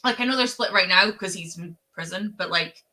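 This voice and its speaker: A woman chatting casually about books, giggling and asking quick questions while losing her train of thought. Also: mid-range voice, background noise. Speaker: book club host. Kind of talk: casual book chat.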